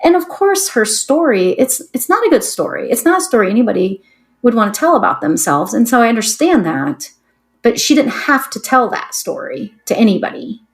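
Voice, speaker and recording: A middle-aged woman, an interview guest, candidly telling an emotional personal story with quick asides and short laughs. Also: fairly high pitch, very animated.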